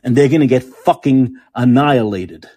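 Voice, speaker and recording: This man hosts a podcast where he rants about politics, angry and sarcastic, swearing constantly. His mid-range voice has a dark tone and moves at normal speed.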